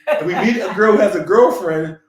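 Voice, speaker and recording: A man's voice: high-pitched, a little fast. A man from Philadelphia hosting a podcast, telling stories in casual chat with lots of swearing and laughter. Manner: animated, profane, laughing storyteller. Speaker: podcast host. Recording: roomy echoey room.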